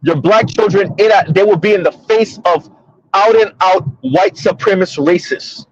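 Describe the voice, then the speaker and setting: A man's voice: sits high, moderate pace, breathy edge, no room sound, dull audio. A man hosting a casual commentary monologue from his car, emphatic and repetitive, talking straight to listeners. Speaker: commentary host. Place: in a car on the road.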